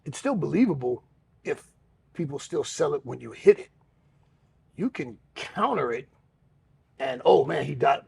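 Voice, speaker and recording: A man's voice: fairly high pitch, very animated, unhurried, long pauses, darkish tone, slight background noise. A man co-hosting a podcast, talking frankly and profanely with a self-mocking streak. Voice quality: gravelly. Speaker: podcast co-host. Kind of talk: candid podcast chat.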